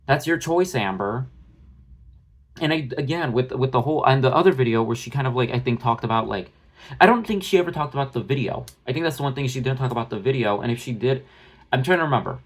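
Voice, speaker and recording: Brief: male vlogger, mid-pitched, blunt and profane, rambling restarts, phone-recorded rant. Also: animated, fast. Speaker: drama commentary vlogger. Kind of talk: ranting commentary.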